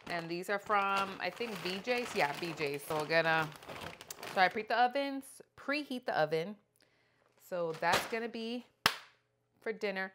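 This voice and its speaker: A middle-aged woman talks casually and playfully into a clip-on mic as she cooks, tossing joking asides to her viewers. She speaks at an ordinary middle pitch. Faint chopping and kitchen clatter sit behind her. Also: fairly bright tone, a little hiss or hum. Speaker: lifestyle vlogger. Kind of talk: casual cook-along vlog chat. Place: home kitchen, indoors. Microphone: wireless clip-on mic.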